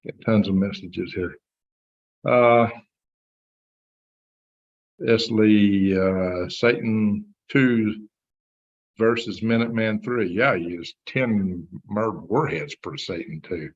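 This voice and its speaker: A man's voice: fairly low pitch, lively intonation, a little slow, husky. A man hosting a live stream, rambling through commentary and reading chat messages aloud. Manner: rambling, reads chat aloud, chuckles at himself. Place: home computer setup. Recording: dull lo-fi stream audio.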